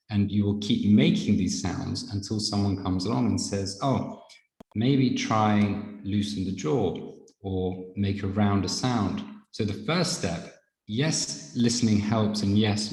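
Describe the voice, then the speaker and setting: A man leads a live online pronunciation class, explaining each point at an unhurried pace. His voice sits on the low side. The call carries a roomy echo with a long tail. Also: a little mellow. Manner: measured, explanatory teaching. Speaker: pronunciation teacher. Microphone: video call. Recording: echoey room with long reverb.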